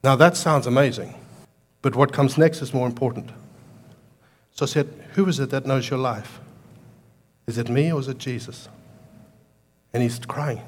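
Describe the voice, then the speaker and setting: Man preaching with loud bursts. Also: medium pitch, normal speed, pauses often, slight background noise. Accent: foreign to American listeners. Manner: animated preaching with sudden loud outbursts and quiet storytelling. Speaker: pastor. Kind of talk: sermon.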